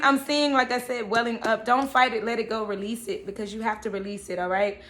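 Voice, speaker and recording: A woman's voice: fairly high pitch, fairly even intonation, fairly quick, hardly any pauses, a bit bright. A woman giving a casual, chatty tarot reading, often checking in with "okay" and "all right". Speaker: tarot reader.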